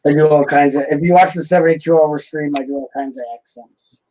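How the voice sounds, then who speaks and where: A man hosts a live building stream, chatting and joking with a slightly high voice. He reads out viewer comments as he goes. Faint noise and clicks sit behind him. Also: fairly even intonation, fairly quick, warm tone, highs cut off. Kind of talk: casual chat while building.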